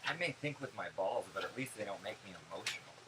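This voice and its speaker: A man's voice: fairly low pitch, quick pace. Chatty young man with a background hiss. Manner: animated, gossipy and sarcastic storytelling. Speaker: vlogger. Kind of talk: casual vlog monologue.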